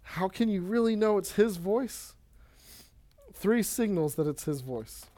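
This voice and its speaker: A man preaching a sermon in a casual, energetic way, with quick asides and Bible readings. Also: sits high. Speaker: pastor.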